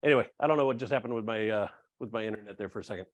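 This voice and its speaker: A man giving a casual live software demo on a video call, talking with many fillers and restarts. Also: on the low side, racing, highs cut off. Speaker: webinar presenter.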